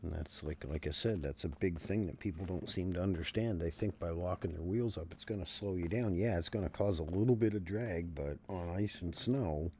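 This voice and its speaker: A man's voice: low-pitched, moderate pace, hardly any pauses, mellow, slight background noise. A man chatting casually while streaming a game, rambling and swearing freely in a folksy rant. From Canada. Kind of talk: casual chat while gaming.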